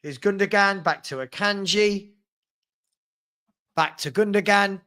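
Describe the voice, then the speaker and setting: A man's voice: high-pitched, a little slow, pushed and bright. A man hosting a live match watchalong, calling the play in a casual way and chatting with viewers about their comments. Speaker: watchalong host.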